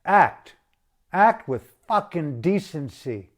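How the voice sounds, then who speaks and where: A man's voice: fairly high pitch, sing-song, slow. Man in a profane, outraged rant. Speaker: activist speaking to camera. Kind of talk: impassioned political rant.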